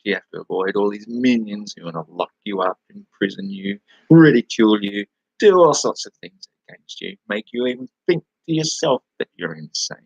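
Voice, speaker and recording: Australian man, live-stream host, gravelly, rambling and swearing, webcam. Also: fairly low pitch, a bit bright, dry recording, highs cut off. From New South Wales, Australia. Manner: rambling, swears freely, laughs at his own remarks. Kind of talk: casual live chat with viewers.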